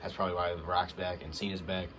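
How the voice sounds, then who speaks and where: A young man giving an excited, rambling recap of a wrestling show, full of fillers. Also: low voice, quick pace, noisy background. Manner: hyped, rambling, lots of fillers.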